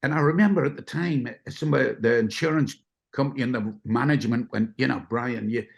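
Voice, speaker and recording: Gravelly older man. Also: medium pitch, brisk. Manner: rambling, self-deprecating storyteller. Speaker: guest. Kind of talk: casual anecdote telling.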